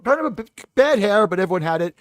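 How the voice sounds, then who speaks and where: A man chatting casually on a podcast, joking quickly with lots of filler words. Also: sits high, expressive, no echo. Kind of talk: casual chat.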